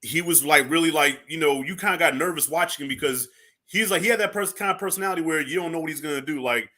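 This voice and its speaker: A man's voice: a little high, fast, bright, forceful tone. A man on a movie review panel chatting casually, agreeing often and swearing freely. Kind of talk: casual chat.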